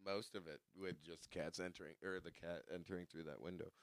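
A man's voice: sits low, fairly even intonation, fairly quick, dry recording, clean studio sound. A man co-hosting a casual podcast at home, teasing and laughing often. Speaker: podcast co-host.

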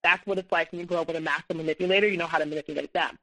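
Woman on a podcast, bright tense voice, lots of "like" and "um", restarts a lot, acts out what people said. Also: lowish voice, steady tone, rapid-fire, poor audio. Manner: rambling, many fillers and restarts; acts out quoted dialogue, rising when heated. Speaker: podcast guest. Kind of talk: personal storytelling in conversation.

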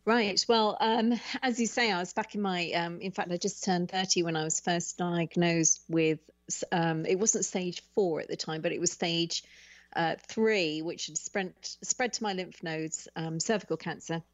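A woman's voice: fairly low pitch, steady tone, normal speed, no echo. A woman in her forties from the UK, a guest author telling her story candidly in a radio interview, often repeating words as she starts. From United Kingdom. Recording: dull, muffled line.

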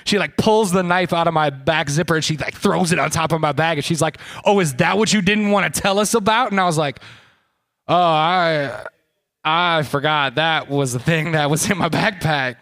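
A man with a rather high voice tells a long comic story on a live podcast stage. He rambles and restarts, swearing freely and mocking himself along the way. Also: normal speed, fairly bright tone.

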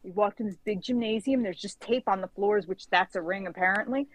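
A woman telling a casual story as a guest, lively and acting out the dialogue, leaning on "like" as a filler. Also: mid-range voice, a little fast, rough recording. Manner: lively storyteller who acts out quoted dialogue; frequent filler "like". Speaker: guest author.

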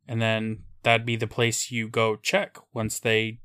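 A man's voice: on the low side, completely flat delivery, slow pace, a bit bright, clear, resonant tone, no room sound. Wry man cracking dry asides. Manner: dry, wry side comments. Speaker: podcast co-host. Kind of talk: casual podcast chat.

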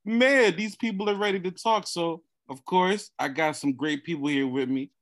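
A man hosting a podcast in casual chat, lively and teasing, laughing often. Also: on the high side, normal speed. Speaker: podcast host.

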